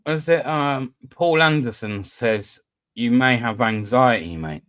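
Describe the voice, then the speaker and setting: A British man hosting a live voice-chat panel chats casually and shares self-deprecating stories via online voice chat. He speaks slowly in a mid-range voice with a fairly bright tone, and there's no room sound.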